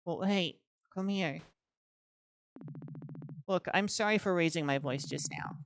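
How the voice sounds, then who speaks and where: A woman voicing a caring, protective young female healer who speaks gently and pleadingly. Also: lowish voice, measured pace, creaky, a little hiss or hum. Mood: gentle, worried.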